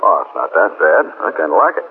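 An actor playing a friendly police officer in an old radio crime drama, chatting in an easygoing way. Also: male voice, a bass voice, big pitch swings, fast. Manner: easygoing banter. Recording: tinny old radio broadcast.

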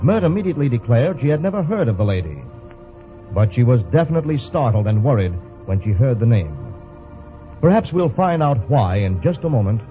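A man's voice: medium pitch, very animated, a little fast, close to an everyday voice. A man narrating a 1930s radio serial in a dramatic, inviting way. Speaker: announcer and narrator. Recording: dull old radio recording with music.

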